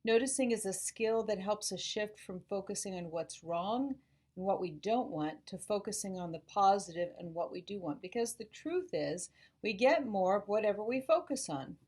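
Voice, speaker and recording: A woman school psychologist calmly explaining parenting ideas to parents, modeling gentle phrases to say to children. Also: medium pitch. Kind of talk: informational talk to parents.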